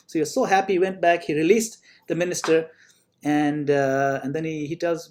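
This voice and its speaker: A man's voice: fairly high pitch, fairly even intonation, normal speed, darkish tone, slight background noise. A man teaching in an online class, telling a story in a conversational way with fillers. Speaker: spiritual teacher.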